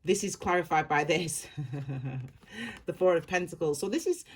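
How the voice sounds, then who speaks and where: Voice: medium pitch, moderate pace. A tarot reader talks straight to the viewer in a loose, rambling way, circling back and repeating the same phrases. The voice sits in a middle register and the reading stays casual and reassuring throughout. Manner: reassuring, direct address to viewer.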